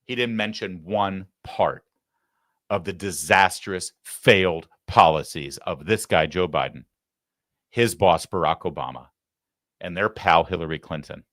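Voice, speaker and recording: A man's voice: sits low, unhurried, fairly bright tone, dry recording. A man hosting a live political talk show, delivering heated, sarcastic commentary into a studio microphone.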